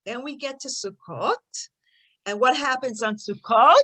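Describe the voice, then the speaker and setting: A woman teaching a lesson through stories, animated, swinging between loud and soft for emphasis. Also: fairly high pitch, a little slow, rough recording. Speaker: rebbetzin teaching. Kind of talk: storytelling lesson.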